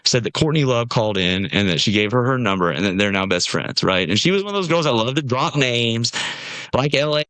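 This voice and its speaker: Speaking fairly quickly in a mid-range voice on a dry recording, this Nashville, USA native is a podcast guest telling a long, casual story. He's an animated storyteller who gives voices to the people he quotes.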